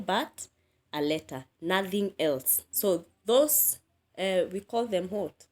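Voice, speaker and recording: A woman teaching an English grammar lesson, speaking deliberately, repeating key words and asking the listener questions. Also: fairly low pitch, lively intonation, darkish tone.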